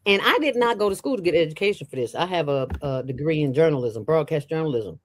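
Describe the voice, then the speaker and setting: A middle-aged woman, a former radio host and founder, talking as an interview guest in an animated, emphatic and playful way. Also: low-pitched. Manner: fast talker from years on radio. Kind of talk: casual interview chat.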